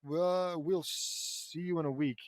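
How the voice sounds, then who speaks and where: A man's voice: on the high side, steady tone, slow, dry recording, clean studio sound. A man reading the lines of a stern adult male ninja in a fan fiction, in a plain, matter-of-fact way. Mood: calm.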